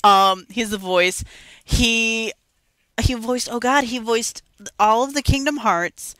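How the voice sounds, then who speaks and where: A young woman with a bright, sharp tone chats about video games on a podcast, animated and giggly. The sound is dry and close, with almost no room behind her. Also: a little high, takes it slowly, dry recording. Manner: chatty, giggly, animated storytelling. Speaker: podcast co-host. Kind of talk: casual gaming chat.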